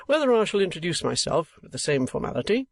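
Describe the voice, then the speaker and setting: A pompous, oily gentleman, as a man puts him on, flattering and flowery, a little louder and higher than the reader's own voice. Dry, close audiobook sound. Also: fast, gravelly, no room sound, full character voice. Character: smooth-talking flattering gentleman.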